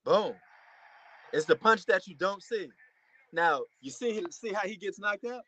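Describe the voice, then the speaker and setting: A man giving a casual, excitable reaction commentary to a boxing match, repeating himself and using slang. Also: high voice, a little slow, muffled recording, a little hiss or hum. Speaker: fight reaction host.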